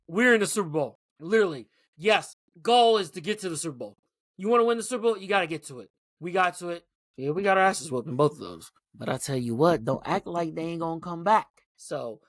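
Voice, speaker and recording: A man's voice: a little high, dry recording, clean studio sound. A man hosting a sports podcast, talking casually and animatedly as a fan, with frequent swearing. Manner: animated, profane, fan-like rants. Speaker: podcast host.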